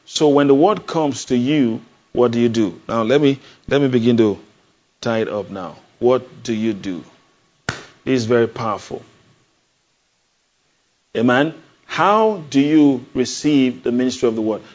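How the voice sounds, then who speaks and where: Male pastor, mid-pitched, preaches with emphatic questions and repetition; lo-fi capture. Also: a little slow, pauses often, a little mellow. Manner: emphatic, call-and-response questions, repeats phrases. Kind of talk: sermon. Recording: dull lo-fi sound.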